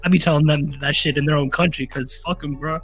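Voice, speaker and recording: A Southern man with a notably high voice trades loose, profane riffs in casual podcast banter. He talks animatedly and laughs often, with faint music under the conversation. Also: fairly even intonation, fast talker, a bit bright, breathy edge. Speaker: podcast co-host. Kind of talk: casual chat.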